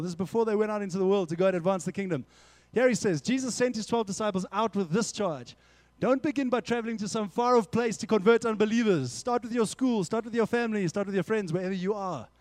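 A young male preacher with a fairly high voice gives an energetic, conversational sermon, addressing the room directly as "guys." The sound is dry and close. He now and then breaks into short acted-out exchanges to make his point. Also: no room sound. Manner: energetic, conversational, acts out little dialogues. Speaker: youth pastor.

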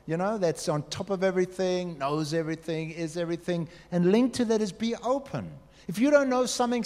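A man preaching to a youth group, talking straight to them with quick acted asides. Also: sits high. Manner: animated, talks to the audience directly with quick acted asides. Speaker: youth pastor. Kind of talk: youth sermon. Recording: long hall reverb.

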